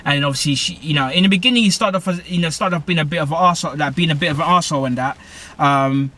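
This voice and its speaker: Young British guy, slightly high voice, casual rambling reviewer with lots of fillers. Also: very fast, sharp tone. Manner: rambling, full of fillers and self-corrections. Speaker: TV show reviewer. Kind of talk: casual episode recap.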